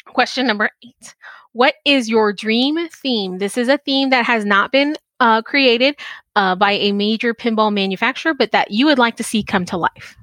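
A woman's voice: fairly high pitch, normal speed, a bit bright, no room sound. A woman hosting a casual podcast interview, gushing and laughing often. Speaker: podcast host.

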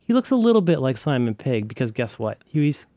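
A man co-hosting a casual podcast chat, talking in an animated, rambling way with many fillers and restarts. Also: medium pitch, brisk, no echo. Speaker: podcast co-host.

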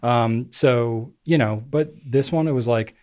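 A man co-hosting a podcast, telling relaxed stories in casual chat with lots of fillers. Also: medium pitch, measured pace. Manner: relaxed storyteller, many fillers. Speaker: podcast co-host.

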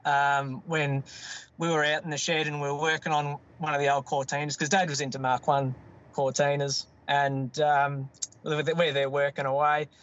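A man's voice: a little high, level tone, moderate pace, a bit bright, muffled recording. A middle-aged man with an Australian accent, telling family stories in a casual, rambling way. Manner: rambling, self-interrupting, laughs at his own stories. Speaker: guest. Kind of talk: casual storytelling.

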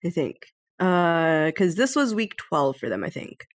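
A woman's voice: lowish voice, big pitch swings, unhurried, dry recording, studio quality. A woman co-hosting a podcast in casual chat, easygoing and laughing often. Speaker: podcast co-host.

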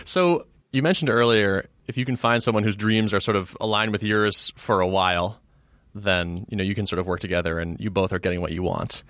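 Podcast host dude, lowish voice, super dry close sound, lots of mm-hmms. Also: male voice, a little fast, a bit bright, no echo. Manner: attentive, frequent short backchannels. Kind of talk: interviewing.

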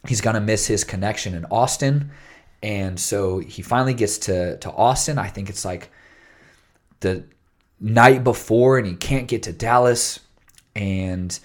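A man co-hosting a casual chat, telling a story enthusiastically with plenty of casual filler words. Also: on the low side. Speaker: podcast co-host.

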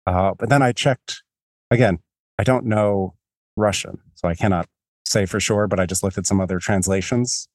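Low dry-sounding guy hosting a book podcast, rambly, jokes at his own expense. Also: fairly even intonation, moderate pace, no room sound. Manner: rambling, self-deprecating, many restarts. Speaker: podcast host. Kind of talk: casual book discussion.

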